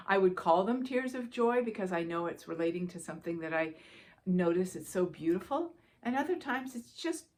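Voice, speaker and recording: A woman spiritual teacher giving a gentle, reassuring guidance talk, speaking directly to her listeners and repeating key phrases for emphasis. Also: mid-range voice.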